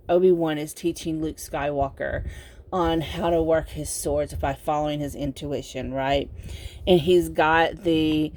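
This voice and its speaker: Slow, gravelly-voiced woman tarot reader. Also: low voice, a little mellow. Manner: slow, meandering, with many fillers and laughs. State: sleepy, yawning. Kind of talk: casual pick-a-card tarot reading.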